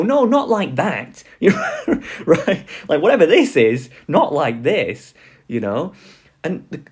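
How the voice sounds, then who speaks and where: A man giving a casual online lecture, loose and full of fillers, often laughing. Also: mid-range voice.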